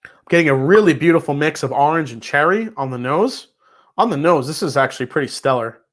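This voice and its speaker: A man's voice: a little high, lively intonation, fairly quick. A man with a New York accent hosting a casual whiskey livestream, reading out viewer messages and chatting loosely, with casual swearing.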